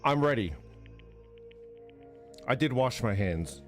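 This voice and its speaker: A man's voice: expressive, takes it slowly, faint music behind. A man live-streaming a game, chatting with viewers in a playful, teasing way. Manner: playful and teasing, bursts into high squeaks and laughter.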